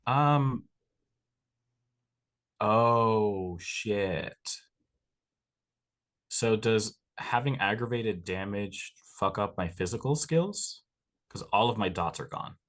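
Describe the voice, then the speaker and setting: Male player, low voice, hesitant and searching, plans moves out loud. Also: lively intonation, slow, long pauses. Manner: hesitant, many fillers and restarts while planning moves. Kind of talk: tabletop role-play, describing his character's actions.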